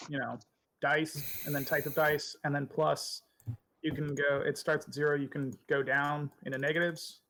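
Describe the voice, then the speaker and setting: A man's voice: on the high side, a bit bright, poor audio. Helpful man explaining dice rolls. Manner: helpful, explanatory, self-deprecating. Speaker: player. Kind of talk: casual tabletop play over voice chat.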